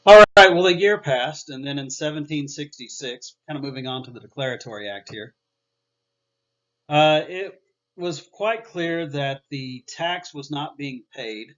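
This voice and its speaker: A man's voice: on the high side, unhurried. Casual man giving a history lecture. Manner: conversational, many "uh" fillers and restarts. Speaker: history teacher. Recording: dull lo-fi recording.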